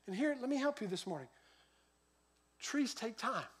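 High-voiced man preaching a sermon. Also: moderate pace, slightly rough. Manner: lively storytelling, voice rising and dropping sharply. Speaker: pastor.

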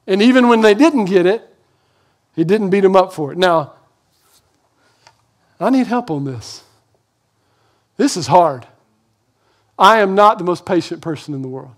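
A man preaching a sermon as pastor, conversational and animated, acting out bits of dialogue. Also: high-pitched, measured pace, pauses often.

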